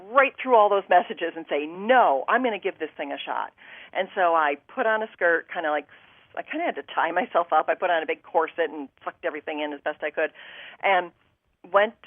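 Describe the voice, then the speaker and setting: A woman's voice: fairly low pitch, lively intonation, normal speed, no room sound, phone-quality sound. A woman guest telling a personal story on a talk show, acting out her own thoughts and what others said to her.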